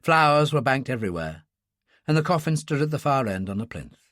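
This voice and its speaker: Male narrator, lively intonation, dry close sound, thriller audiobook. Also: medium pitch, fairly quick, no room sound. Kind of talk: scripted narration.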